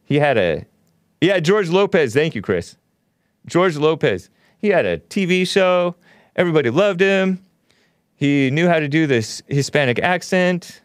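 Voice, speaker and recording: A man's voice: fairly high pitch, lively intonation, unhurried, no echo, studio quality. A man hosting a talk show, talking in a rambling, opinionated monologue with frequent chuckles. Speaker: show host.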